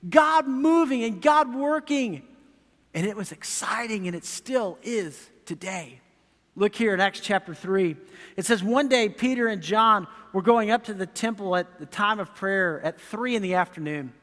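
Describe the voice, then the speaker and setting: A man's voice: sits high, animated, a little slow, a bit bright, in a large hall. A man preaching a sermon as pastor, conversational, with frequent asides to the congregation. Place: church sanctuary.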